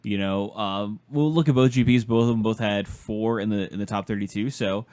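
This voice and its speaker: A man's voice: on the low side, steady tone, normal speed, darkish tone. A man co-hosting a casual podcast, hesitant and often stammering over restarts. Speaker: podcast co-host. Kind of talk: casual chat about card game.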